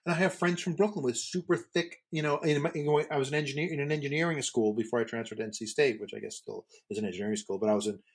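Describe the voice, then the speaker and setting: A man's voice: medium pitch, fast talker, few pauses, husky. A middle-aged man from the Northeastern United States, co-hosting a podcast in casual conversation and telling rambling stories full of fillers and restarts. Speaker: podcast co-host.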